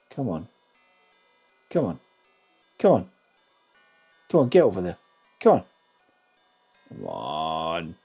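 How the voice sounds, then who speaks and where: Brief: streamer muttering at his game, lively, dark-toned. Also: sits low, slow pace, vocal fry, long pauses, slightly rough, soft background music. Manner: self-mocking, muttering to himself. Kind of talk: gaming live stream commentary.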